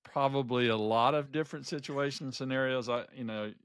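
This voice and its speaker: A middle-aged man recounting a travel mishap on a podcast, stumbling over his words and restarting as he goes. His voice sits at an ordinary middle pitch. The sound is close and dry, with no room echo. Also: a little fast, clear, resonant tone. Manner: rambling anecdotes with frequent restarts and lively quoted voices. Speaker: podcast co-host. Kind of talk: casual storytelling chat.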